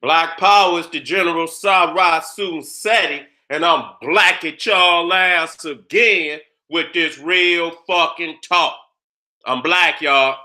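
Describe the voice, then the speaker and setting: Speaking slowly on his own channel, a man with a high, very bright, forceful voice delivers a fired-up monologue. He's boastful and combative, swears freely, and keeps returning to the same phrases while checking that listeners understand him.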